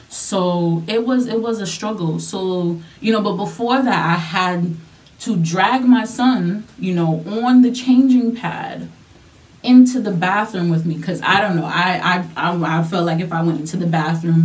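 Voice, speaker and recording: A young woman vlogger tells a personal story casually and chattily, repeating herself and using lots of fillers. Her voice runs on the low side with a darkish tone, recorded from a distant mic.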